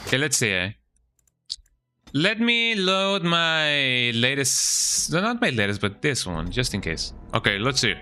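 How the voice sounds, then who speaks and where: A medium-pitched man with a sharp, sing-song, unhurried delivery chats casually during a game live stream, with a little hiss or hum in the audio. He reads the setup steps aloud in mutters and often ends sentences with "eh?".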